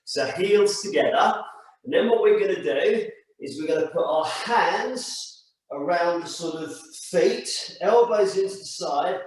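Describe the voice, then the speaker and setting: A stretching instructor with a slightly higher male voice leads a guided exercise class, giving slow, calm, step-by-step cues. The mic is some distance from him, and the room adds strong echo.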